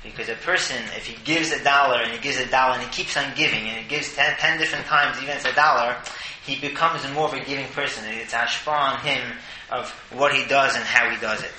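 A man gives a casual Torah talk in a mid-pitched voice, animated and often stumbling over repeated words. The room around him is echoey. Clear noise sits in the background. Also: fast. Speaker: Torah teacher.

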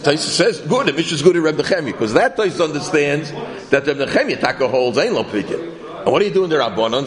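A man teaching a Talmud class. He asks questions aloud and corrects himself as he reasons through the text, and his pitch rises and falls a great deal. The room gives his voice a long reverb. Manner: animated, questioning, self-correcting.

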